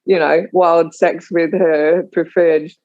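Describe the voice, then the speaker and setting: A woman's voice: on the low side, flat delivery, takes it slowly, darkish tone, no echo. A woman talking in a casual chat, stumbling over false starts while she argues her side. Her voice sounds dry and close with no room around it, and it comes through a little dull and muffled. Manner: hesitant, restarts, challenges the other speakers.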